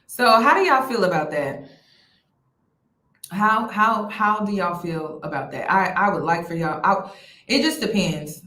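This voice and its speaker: A woman hosting a casual livestream commentary, animated and expressive, sometimes blunt, talking straight to her chat. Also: mid-range voice, unhurried. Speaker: host of a commentary channel. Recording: roomy echo.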